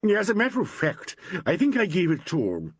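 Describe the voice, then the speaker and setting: Reader as an uneasy, hedging actor with a rising, lively pitch. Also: male voice, normal speed, slightly rough, no echo, heavily acted. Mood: evasive. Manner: hesitant, uncomfortable. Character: defensive male actor, evasive and hesitant.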